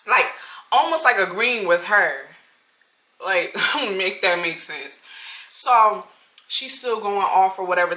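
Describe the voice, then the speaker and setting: A woman in her twenties telling a story-time tale to her viewers, animated and talking straight to them. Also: fairly low pitch. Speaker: vlogger. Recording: roomy echo.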